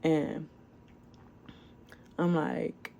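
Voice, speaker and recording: Gravelly-voiced casual vlogger. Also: medium pitch, level tone, drawn-out words, dark tone, a little hiss or hum. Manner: chatty, slangy, retells exchanges with filler and swearing. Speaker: small business owner. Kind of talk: casual vlog storytelling.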